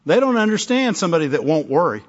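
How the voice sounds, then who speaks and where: A man preaching to his congregation, chatty and plainspoken, breaking off mid-sentence and acting out little exchanges. His voice sits a little high for a man. The recording is dull and lo-fi. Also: big pitch swings, fast talker. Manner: conversational, self-interrupting, acts out little dialogues. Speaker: pastor. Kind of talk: sermon.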